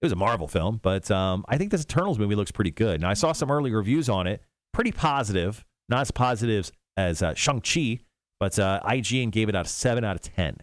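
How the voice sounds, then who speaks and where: Low-voiced rambling radio co-host, man. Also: animated, fast talker, no room sound, studio quality. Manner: rambling, filler-heavy, restarts. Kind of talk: casual radio banter and news read.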